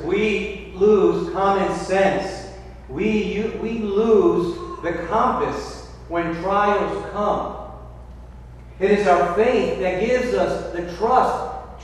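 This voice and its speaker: A high-voiced male priest gives a homily, telling a fable with restarts and slowing down to stress his points. His voice carries through a big church with a long reverb, picked up from far off over faint room ambience. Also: a little hiss or hum. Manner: storytelling, with restarts and emphatic slowing. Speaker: Catholic priest. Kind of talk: sermon.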